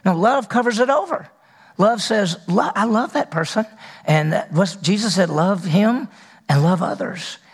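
A man's voice: high voice, animated, a little slow, husky, in a large hall. A man preaching a sermon as pastor, talking in a conversational way and putting questions to his congregation.

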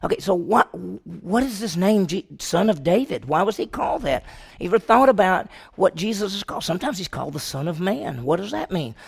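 A man with a slightly high, gravelly voice leads a Sunday school Bible lesson. He talks emphatically, repeats and restarts his words, and keeps putting rhetorical questions to the class. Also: big pitch swings, fairly quick. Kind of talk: Bible class teaching with prayer.

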